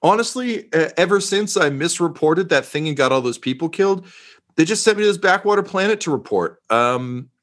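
A man's voice: fairly high pitch, lively intonation, brisk, voice pushed up, lightly acted. A man voicing a self-pitying male propaganda reporter who stammers and wants praise. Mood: grateful.

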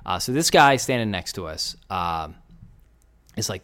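A man's voice: low voice, unhurried, clear, resonant tone. A man, telling a story in casual podcast chat and acting out the voices of people in it. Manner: animated storyteller, acts out quoted voices.

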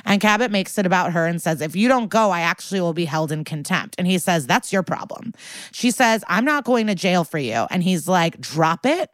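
A woman's voice: fairly low pitch, fairly quick, dry recording. A woman co-hosting a podcast, recapping a TV episode in casual chat and acting out the characters' lines as she goes. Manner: animated, acts out the characters' lines. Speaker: podcast co-host.

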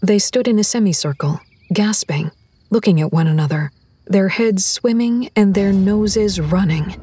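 A woman reading a horror audiobook in a measured, deliberate storytelling voice. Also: medium pitch, warm tone, husky. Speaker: narrator. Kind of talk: scripted horror audiobook narration.

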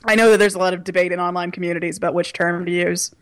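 A woman co-hosting a comedy podcast, tossing in teasing deadpan quips during casual chat. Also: lowish voice, very fast, dry recording. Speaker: podcast co-host.

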